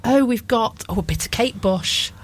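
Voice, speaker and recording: A woman's voice: on the high side, normal speed. A woman co-presenting a local radio show in casual chat, self-deprecating, with frequent restarts.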